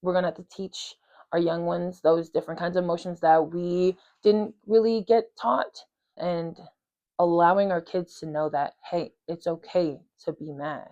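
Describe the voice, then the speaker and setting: An earnest woman hosts a podcast in a lower voice and thinks aloud casually, with many fillers and restarts. Her recording sounds muffled and lo-fi. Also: normal speed, mellow. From Polynesian community. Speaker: podcast host. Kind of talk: reflective casual talk.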